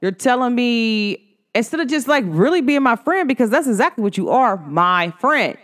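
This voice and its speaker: A woman's voice: a little high, big pitch swings, normal speed. A woman talking casually to the camera, blunt and emphatic, often acting out the voices of people she quotes. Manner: blunt and outspoken. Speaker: vlogger.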